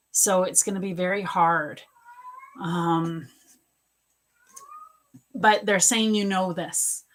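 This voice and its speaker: A woman's voice: fairly low pitch, pushed and bright. A woman doing a live psychic reading, chatting casually with viewers, greeting them by name and restarting her sentences often. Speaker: psychic reader on a livestream.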